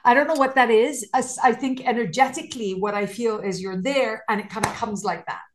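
A woman's voice: on the high side, a little fast. A woman hosting an interview show, chatting in an effusive, casual way. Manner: effusive, calls guest "babe". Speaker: podcast host.

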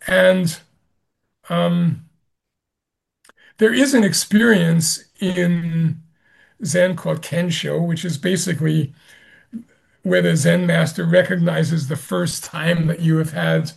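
A man, a Zen master, answering an interview question with slow, gentle storytelling and soft laughs. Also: fairly high pitch, steady tone, creaky.

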